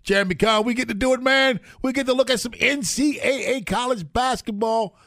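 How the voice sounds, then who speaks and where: Gravelly high-voiced male radio host. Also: fairly quick, fairly bright tone, no echo, studio quality. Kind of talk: casual radio banter.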